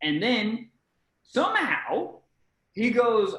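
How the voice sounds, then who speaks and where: Animated swearing man telling a story, roomy sound. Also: sits high, slow. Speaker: comedian guest. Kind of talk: casual storytelling chat.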